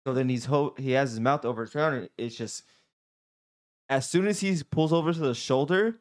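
A man's voice: mid-range voice, moderate pace. A man casually telling a story to friends, swearing and laughing as he goes. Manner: laughing, lively, profane. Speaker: back-seat passenger telling the story.

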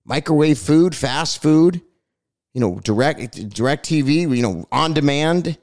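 A man's voice: a little high, animated, a little slow, a little mellow. Passionate male Christian broadcast host. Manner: passionate, repetitive preaching cadence. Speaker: host of a Christian commentary show. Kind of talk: preaching broadcast commentary.

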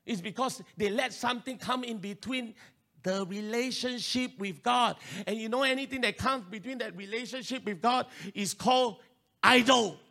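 A male pastor with a Singaporean English accent, preaching an animated sermon and urging his listeners to respond. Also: extremely high pitch, moderate pace.

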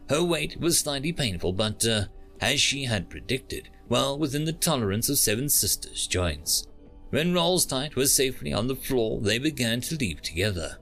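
Man narrating with lively pitch. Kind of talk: storytelling narration.

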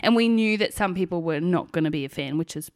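A woman's voice: on the low side, animated, fast talker, a little mellow, smooth, dry recording, studio quality. A woman telling her birth story in a casual podcast chat, laughing often and swearing casually.

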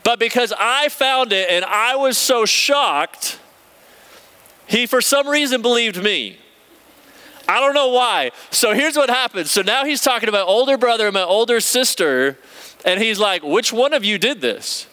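Man, sermon, conversational storyteller, high voice, clear and resonant. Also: measured pace. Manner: storytelling, conversational, animated retelling. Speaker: preacher. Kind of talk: sermon with personal stories.

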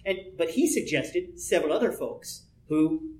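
In an echoey room, a man talks conversationally at a workshop about creating role-play personas, his voice on the high side, expressive, darkish, and moderately paced. He rambles, chuckles often, and drops plenty of "you know" asides.

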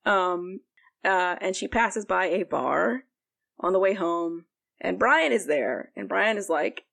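A woman's voice: medium pitch, lively intonation, slow, gravelly, a bit bright. A young woman co-hosting a podcast, recapping a book in a rambling casual chat full of fillers. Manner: rambling, heavy use of "like", frequent fillers. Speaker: podcast co-host.

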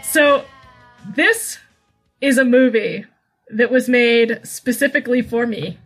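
Bright-voiced woman in her thirties. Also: a little high, slow, faint music behind. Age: 30s. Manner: wry, teasing, laughs often, some swearing. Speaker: podcast co-host. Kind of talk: casual chat.

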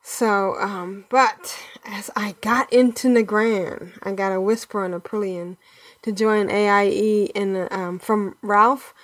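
A woman co-hosting a casual gaming podcast, chatty and quick to laugh between her remarks. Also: medium pitch, fairly even intonation, fairly bright tone, dry recording. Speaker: podcast co-host.

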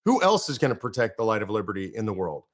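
A man's voice: on the low side, very animated, fast talker. A man from the United States hosting a political podcast, emphatic and fired up, driving his points home in runs of repeated phrases. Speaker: podcast host.

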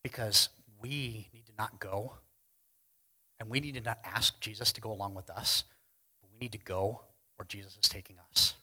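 Husky, earnest male preacher. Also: fairly low pitch, steady tone, moderate pace, low-quality recording. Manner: earnest, swings between loud emphasis and hushed lines. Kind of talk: sermon. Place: church hall with congregation.

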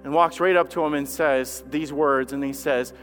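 A man preaching a sermon as lead pastor, impassioned, swinging from hushed to loud and repeating phrases. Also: on the high side, fairly even intonation, normal speed, soft background music.

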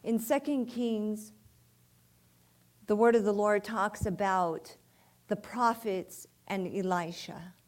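A woman's voice: mid-range voice, a little mellow. A woman preaching a sermon in church, often calling "amen?" to the congregation and rising to fervent emphasis.

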